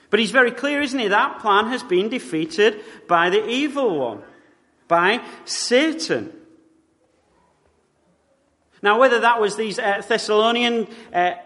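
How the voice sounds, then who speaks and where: A man's voice: sits high, fairly bright tone. A man from Britain preaching a sermon in a church, wry and conversational, with frequent tag questions. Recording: long reverb of a church hall.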